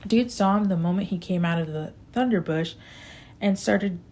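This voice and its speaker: A woman reads an audiobook aloud in a steady, unhurried way. Her voice is mid-pitched with a noticeable gravelly fry at the ends of phrases. It is an amateur narration. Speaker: audiobook reader.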